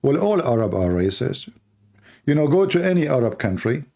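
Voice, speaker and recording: A man hosting a live stream, talking in a rambling, joking way with halting, broken grammar. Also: mid-range voice, vocal fry. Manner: animated, joking, teasing, with halting non-native grammar. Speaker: live-stream show host.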